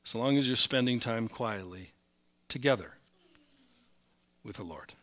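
A male senior pastor preaching a sermon, animated, rising in volume when he reads scripture and slipping in self-deprecating asides. His accent is Upper Midwest American. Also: mid-range voice, unhurried. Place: church sanctuary.

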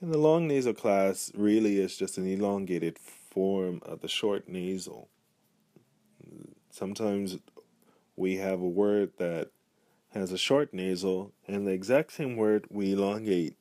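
A man's voice: deep voice, a little slow, warm tone, dry recording. A man giving a pronunciation lesson, speaking patiently and repeating each example word. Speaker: language teacher. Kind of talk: pronunciation tutorial.

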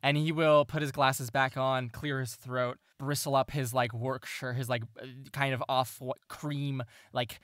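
A man's voice: mid-range voice, level tone, a little slow, few pauses, a bit bright, no room sound, clean studio sound. A man narrating as game master, rambling and correcting himself as he describes scenes.

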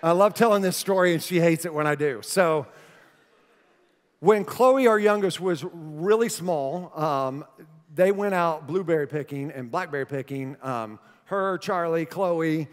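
A male pastor preaching a sermon, telling a family story with jokes and then turning earnest and soft. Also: fairly high pitch, measured pace. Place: church hall. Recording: reverberant church sanctuary.

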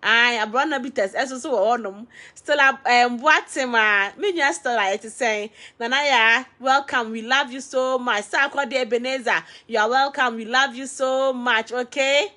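Ghanaian woman, herbal seller, high bright voice, chatty live-stream host reeling off viewers' names. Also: moderate pace, hardly any pauses. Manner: chatty, greets viewers one by one by name.

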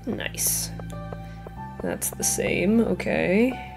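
A woman's voice: medium pitch, measured pace, pauses often, music in the background. A woman hosting a casual let's-play, chatting, reacting with laughs and talking to game characters, recorded on a headset mic at home. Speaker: gaming channel host. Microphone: headphones with mic.

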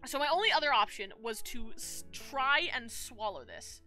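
A woman's voice: on the high side, fairly quick, few pauses, faint music behind. A woman streamer chatting casually and telling a rambling story, with plenty of fillers and restarts. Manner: animated, rambling, lots of fillers and self-corrections.

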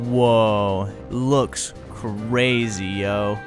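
Excitable young man gaming. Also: mid-range voice, moderate pace, soft background music. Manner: excitable, chatty, laughs often. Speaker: gaming video host. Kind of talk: casual let's-play commentary.

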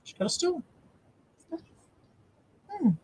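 A woman co-hosting a casual live stream reads viewer comments aloud, chatty and giggly. She speaks slowly in a dark tone, and the recording is of low quality.

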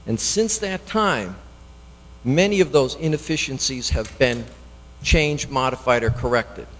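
A man's voice: medium pitch, animated, a bit bright. Earnest man speaking at a town hearing. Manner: earnest, halting, with restarts. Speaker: elected official speaking at public hearing. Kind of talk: public comment. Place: town meeting hall. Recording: long reverb in a meeting hall.

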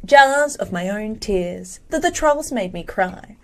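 A woman streamer doing a dry, deadpan mock sales pitch. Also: slow.

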